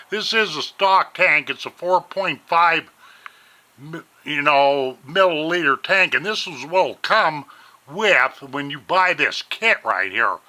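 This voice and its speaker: Slow-paced and fairly high-pitched, this man speaks with lively intonation. He's a Montana vlogger casually reviewing vape gear on a home webcam, folksy and rambling, and he addresses viewers as ladies and gentlemen.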